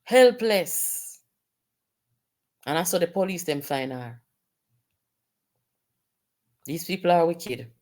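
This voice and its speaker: A Jamaican woman with a slightly low, somewhat mellow voice talks as a political commentator. Indignant and emphatic, she keeps hurling rhetorical questions at her audience, speaking slowly and expressively with frequent pauses.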